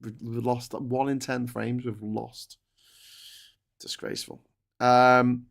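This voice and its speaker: A man co-hosting a news talk stream over a video call, joking and chatty with quick asides. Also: mid-range voice, little pitch movement, gravelly. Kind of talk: casual live-stream chat.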